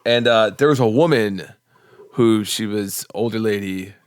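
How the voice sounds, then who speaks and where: A man co-hosting a casual podcast, telling an anecdote in a relaxed way with swearing and laughs. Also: fairly low pitch, a little slow, no room sound, studio quality.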